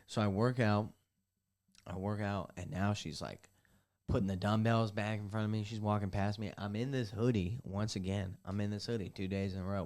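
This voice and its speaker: This podcast host's voice sits low with a darkish tone. He's a young man in his bathtub at home, alone on a casual show, spinning a rambling, crude, self-deprecating tale.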